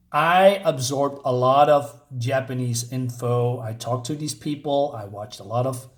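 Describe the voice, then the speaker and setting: A man reviewing a comic book in a rambling rant, exasperated and sarcastic, with many fillers and restarts. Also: medium pitch. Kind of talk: ranting review.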